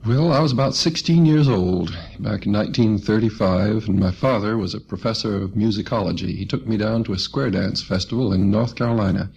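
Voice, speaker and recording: A man's voice: on the low side, fairly quick, creaky, few pauses, a little mellow, husky. A man being interviewed as a folk musician in a radio studio, telling stories in a folksy way and acting out quoted voices. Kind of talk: relaxed storytelling radio interview. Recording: muffled old radio recording.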